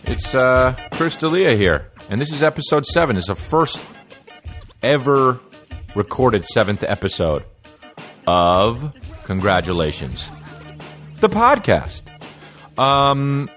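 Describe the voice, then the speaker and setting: A man's voice: medium pitch, expressive, unhurried, long pauses, a bit bright, soft background music. A man in his thirties hosting a podcast, rambling through a casual comedic monologue full of profanity, restarts and jokes. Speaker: podcast host.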